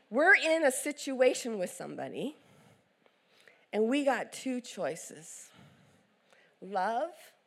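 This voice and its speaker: Middle-aged woman preacher, lively storytelling sermon, acts out each voice. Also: mid-range voice. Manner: animated storyteller acting out voices.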